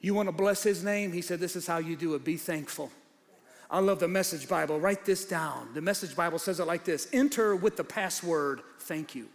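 A pastor preaching a sermon, moving from quiet teaching to shouted, rhythmic preaching before his congregation. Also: a little high, normal speed. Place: large church hall with congregation. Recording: long hall reverb, faint crowd.

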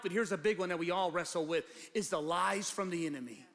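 A pastor preaching a sermon, talking conversationally and then building to shouted fervor. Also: male voice, high-pitched, brisk, few pauses. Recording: long hall reverb.

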